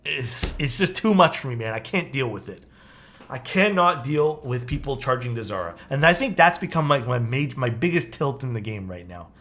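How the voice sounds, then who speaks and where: A young man chatting casually on a live stream, animated and swearing often, calling his viewers dude. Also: medium pitch.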